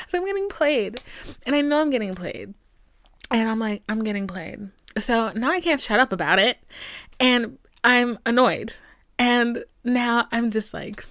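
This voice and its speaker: A woman in her twenties hosting a podcast, talking candidly and bluntly, swearing freely and dropping into hushed asides. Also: medium pitch, no room sound, studio quality. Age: 20s. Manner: blunt, profane, emphatic, dips into hushed asides. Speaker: podcast host. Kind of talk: candid personal monologue.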